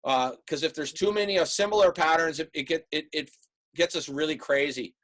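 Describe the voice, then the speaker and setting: A man teaching an online art class over a video call, relaxed and rambling with many fillers. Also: on the high side, brisk. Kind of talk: online class lecture and critique.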